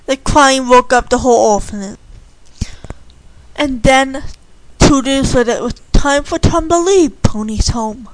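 A woman narrates a storybook reading in a hushed, matter-of-fact way. Her voice sits very high and she reads slowly. The recording is dry and close. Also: no echo.

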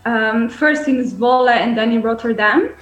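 A woman's voice: a little high, moderate pace, fairly bright tone, reverberant, faint music behind. A woman with an Italian accent, a musician guest answering questions in a friendly way and laughing easily. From Italy.

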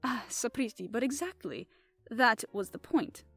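A woman reading aloud, voicing a fussy, polite middle-aged male detective who speaks with courteous, soft reproof. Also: on the high side, expressive, measured pace, gravelly, slightly rough, no room sound, faint music behind, full character voice. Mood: explaining.

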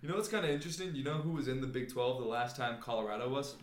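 A man co-hosting a sports podcast in casual chat, energetic and upbeat as he explains things at length. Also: medium pitch, racing, echoey room. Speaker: podcast co-host.

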